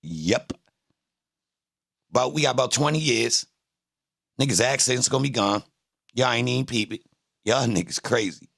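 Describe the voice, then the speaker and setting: Gravelly man in loose, profane commentary. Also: mid-range voice, expressive, normal speed, pauses often, a bit bright, dry recording, clean studio sound. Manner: loose, emphatic, profane street talk. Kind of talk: casual streamed commentary.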